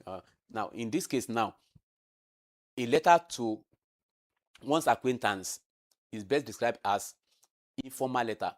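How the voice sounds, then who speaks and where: A man's voice: mid-range voice, measured pace, pauses often. Man teaching exam answers. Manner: explanatory, repeats key terms, demonstrates intonation. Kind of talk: exam-prep lesson.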